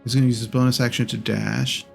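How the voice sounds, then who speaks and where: A man running a tabletop game as game master, narrating in an unhurried, rambling way with many ums and self-corrections. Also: mid-range voice, flat delivery, creaky, faint music behind.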